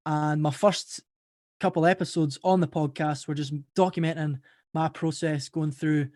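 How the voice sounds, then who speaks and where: A man's voice: on the high side, steady tone, normal speed, a little mellow, no room sound, clean studio sound. A young Scottish man talking casually as an interview guest, friendly and informal. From Scotland. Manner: informal, friendly, calls people brother and mate. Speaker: podcast host guest.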